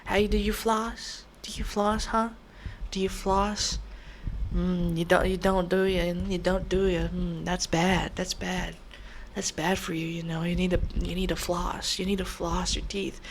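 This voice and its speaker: A woman voicing a scolding female dentist in a whispered role-play, soft and halting. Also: fairly low pitch, little pitch movement, a little hiss or hum. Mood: teasing. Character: scolding female dentist checking a patient's teeth.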